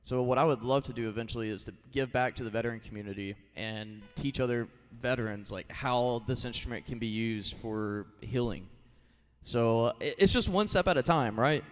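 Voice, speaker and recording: A man's voice: medium pitch, normal speed, big-room sound. A man in his thirties chatting casually and rambling on a live stream, thanking his viewers and often saying "like" and "you know.". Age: 30s.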